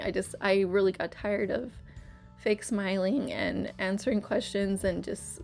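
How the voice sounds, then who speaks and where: A woman's voice: medium pitch, steady tone, measured pace, a little mellow, faint music behind. A woman hosting her channel, rambling through a casual story-time chat with plenty of fillers and restarts. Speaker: YouTube channel host.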